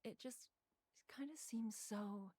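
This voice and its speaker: A woman voicing a seductive female game character who talks in a slow, sultry way and turns giggly and unsure of herself. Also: medium pitch, no room sound, lightly acted. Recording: game audio with faint music.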